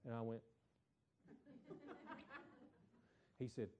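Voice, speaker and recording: A middle-aged man, a preacher telling a folksy story in a sermon, repeating words and swelling louder for emphasis. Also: medium pitch, animated, moderate pace, dull audio, background noise.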